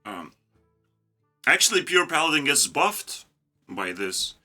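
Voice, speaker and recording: A man's voice: a little high, very animated, takes it slowly, sharp tone, faint music behind. A man ranting casually about a card game, mocking and profane, breaking into laughter. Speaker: YouTube gaming creator. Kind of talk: casual ranting commentary while designing cards.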